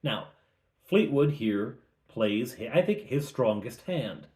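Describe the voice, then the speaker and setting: A man's voice: mid-range voice, expressive, slow, darkish tone, roomy sound. A man recapping a tabletop game as game master, in a casual, chatty way with asides.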